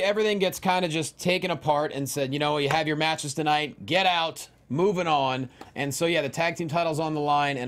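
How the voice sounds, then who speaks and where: A man co-host walks through the match rundown in a steady, dry manner. His voice sits slightly high, and he keeps the loose chat on track. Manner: steady, moves the show along, dry. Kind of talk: casual panel chat about wrestling.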